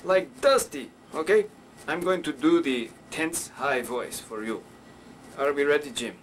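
A man's voice: fairly high pitch, unhurried, a little hiss or hum. A man teaching puppet voices in a rambling, playful way. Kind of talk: instructional puppet show.

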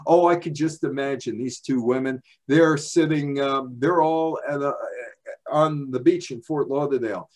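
A man with a medium-pitched, slightly mellow voice speaks at a moderate pace. Probably in his sixties and from the New York area, he gives a storytelling presentation with slides at a library, chatty and full of asides and rhetorical questions.

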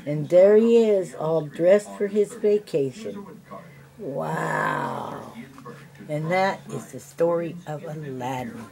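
An older woman reading a children's storybook aloud, adding gentle asides for the listening kids. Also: low-pitched, measured pace, hardly any pauses, crowd noise, low-quality recording. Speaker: storybook reader.

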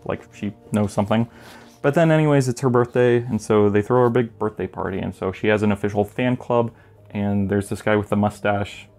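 Low-voiced man joking through a recap. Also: a little mellow. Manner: joking, rambling asides. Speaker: video essayist reviewing a manga. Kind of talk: casual recap commentary.

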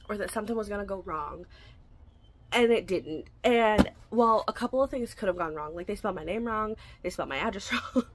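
Casting note: young woman, chatty book vlogger, excitable and gushing, filler-heavy delivery. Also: medium pitch, slight background noise. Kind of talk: casual chatty book vlog.

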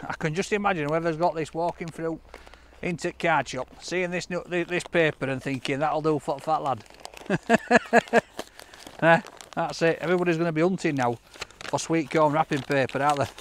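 A cheerful man, excitable and quick to laugh as he vlogs in a park. His voice sits a little high for a man. Faint background noise runs under the outdoor recording. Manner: chatty, excitable, often laughing. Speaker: food reviewer opening fan mail. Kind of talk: casual vlog chat to camera.

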